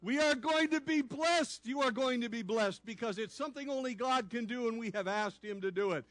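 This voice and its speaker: A man with a high voice preaches to his church, lively and playful, pausing to quiz the listeners and lead them in responses. The sound is close and dry, with almost no room echo. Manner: animated, playful, asks the audience questions. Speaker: pastor and law enforcement chaplain. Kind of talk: sermon with call-and-response teaching. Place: church sanctuary.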